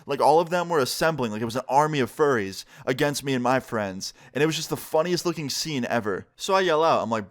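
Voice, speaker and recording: A young man telling a casual story time on his vlog, with animated, emphatic delivery and lots of fillers. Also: mid-range voice, fast, few pauses. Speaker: YouTuber.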